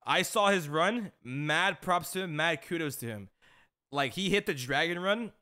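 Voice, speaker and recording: A man's voice: on the high side, a little slow, bright, forceful tone. A young man streaming, chatting casually with slangy banter and telling a funny story about his dad. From Mexican-American family. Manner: laid-back slangy banter, laughs at his own stories.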